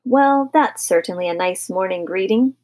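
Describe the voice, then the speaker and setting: A woman's voice: high-pitched, lively intonation, unhurried, creaky, darkish tone, husky, pitched above the performer's own voice, full character voice. A woman voicing a grumpy, mournful father in a storybook reading. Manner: mournful, doleful. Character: gloomy, grumpy middle-aged father.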